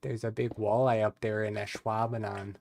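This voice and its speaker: A man's voice: on the low side, little pitch movement, moderate pace, vocal fry, darkish tone, a little hiss or hum. Man doing a jokey local, folksy, hammy and friendly. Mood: teasing. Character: joking Upper Midwest man, folksy and chummy.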